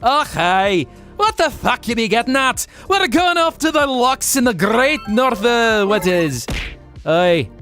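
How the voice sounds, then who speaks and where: A man voicing a rowdy, loud Scottish highlander in a put-on Scottish accent, with a boisterous, shouty delivery. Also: sing-song, unhurried, faint music behind, full character voice.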